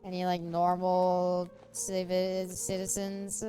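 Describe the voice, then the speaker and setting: A woman's voice: fairly low pitch, monotone, slow pace, warm tone, faint music behind. A woman streaming a game, chatting casually in a giggly, rambling way and making crude jokes. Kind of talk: casual gameplay chat.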